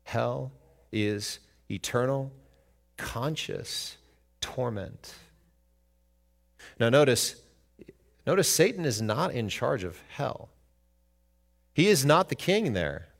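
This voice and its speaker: A pastor preaching a sermon, emphatic, asking the congregation questions and then answering them. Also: male voice, mid-range voice, sing-song, takes it slowly, vocal fry, long pauses.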